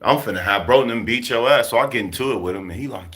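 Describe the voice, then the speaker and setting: A man from Chicago casually telling a story to his viewers, profane and animated, laughing as he goes. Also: medium pitch, fast, hardly any pauses. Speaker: vlogger talking to his viewers.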